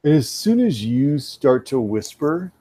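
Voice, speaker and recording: A man's voice: medium pitch, very animated, a little slow, dark tone, breathy edge. A man narrating as game master in a tabletop role-playing game, dry and teasing.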